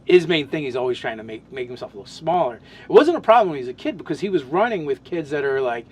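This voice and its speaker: A man's voice: a little high, big pitch swings, fast talker, breathy edge. A man in casual podcast chat, describing his tabletop game character, talking in loose, rambling sentences full of restarts and fillers.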